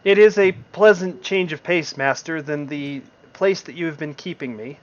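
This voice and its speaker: A man's voice: on the high side, moderate pace, dull audio, natural voice. A man voicing a small, polite spirit of white light who serves its master, in a tabletop game. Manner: polite, formal.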